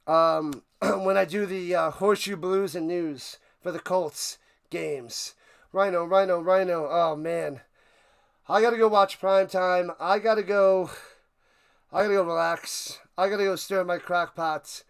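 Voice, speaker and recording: A man hosting a live-stream watch party, excitedly calling a football finish, hoarse and out of breath as he loses his voice. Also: sits high, unhurried. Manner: hyped, shouting, repeats phrases.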